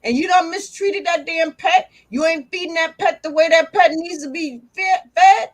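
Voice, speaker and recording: An older woman hosting a casual live stream, loudly and playfully teasing a dog over a video call, swearing and calling its name again and again. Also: extremely high pitch, moderate pace.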